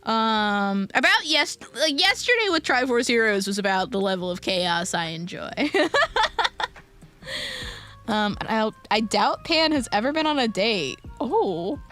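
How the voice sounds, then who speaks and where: A young woman chats on her live stream, giggling and drifting into playful tangents. Her voice sits high and bright and swings widely in pitch. Soft music plays faintly behind her. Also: expressive, measured pace. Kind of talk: casual live-stream chat reading viewer messages.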